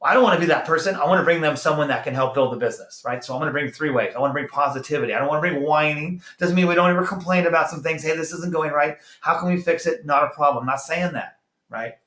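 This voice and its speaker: An energetic middle-aged man coaching a sales team, his voice sitting a little high for a man. He fires off rhetorical questions and acts out short quotes. The room around him rings with a roomy echo. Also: very fast. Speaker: network marketing trainer. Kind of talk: motivational talk.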